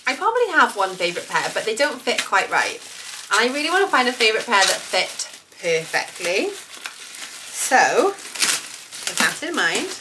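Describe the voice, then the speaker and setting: A British woman in her thirties, slightly hoarse while getting over an illness, rambling enthusiastically through a clothing haul with lots of fillers. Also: medium pitch, noisy background. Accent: British English. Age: 30s. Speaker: fashion vlogger. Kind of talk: casual try-on haul chat.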